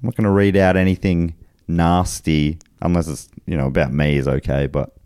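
A man's voice: low-pitched, little pitch movement, brisk, a little mellow, clean tone, no room sound, clean studio sound. A man with an Australian accent hosting a podcast, chatting casually and laughing easily as he reads out listener messages. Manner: easygoing, laughs often while reading listener messages. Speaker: podcast host.

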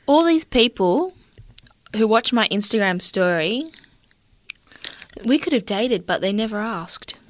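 A woman's voice: mid-range voice, animated, a little slow, pauses often. A woman co-hosting a podcast in brash, playful, swearing casual chat. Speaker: podcast co-host.

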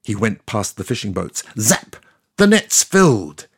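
A sardonic, talkative God tells his side of the story in a comic audio fiction. The voice is gravelly and a little husky, and the pitch swings around lively as he tells it. The recording is dry and close. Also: unhurried, no echo, heavily acted. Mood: wry. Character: God, ancient male deity, wry and chatty. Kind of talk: scripted comic monologue.

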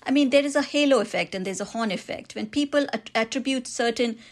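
A woman with an Indian accent, an author answering interview questions about her book, reflective and quick to laugh. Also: fairly high pitch. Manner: reflective, laughs easily, frequent restarts.

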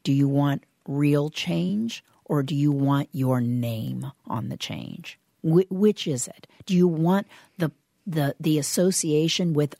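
A woman's voice: low-pitched, takes it slowly, vocal fry, dark tone, no room sound, clean studio sound. A woman co-hosting a podcast in casual chat, reflective and emphatic, pressing her points with rhetorical questions. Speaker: podcast co-host.

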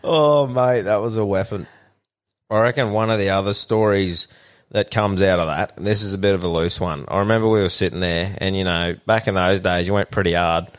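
Laid-back, swearing Australian bloke. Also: male voice, low voice, fairly even intonation, a little fast, clean tone. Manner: laid-back, swears a lot, laughs often. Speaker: podcast co-host. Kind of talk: casual chat.

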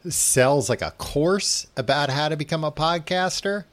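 A man's voice: fairly high pitch, normal speed. A man co-hosting a podcast, dry and teasing, laughing often in casual comedic chat. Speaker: podcast co-host.

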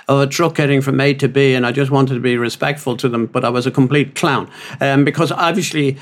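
Older guy on a podcast spinning loose rambling yarns, pokes fun at himself, mid-pitched. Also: steady tone, a little fast. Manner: rambling and self-mocking, with frequent restarts. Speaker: podcast co-host. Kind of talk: casual chat, telling stories.

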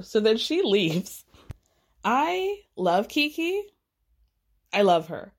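A woman giving a casual, gossipy recap of a reality show, slipping into quick impressions of the cast as she retells their lines. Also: fairly high pitch. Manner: gossipy, animated, mimics cast members' voices.

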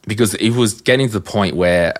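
An Australian man hosting a podcast, telling stories in a casual, animated way and acting out conversations. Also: fairly low pitch, a little fast. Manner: animated storyteller, acts out quoted exchanges. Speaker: podcast host. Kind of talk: casual chat.

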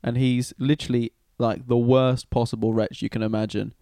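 A man's voice: medium pitch, flat delivery, moderate pace, warm tone, dry recording, close to an everyday voice. A man voicing a blunt ancient queen who brushes people off in casual slang. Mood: dismissive.

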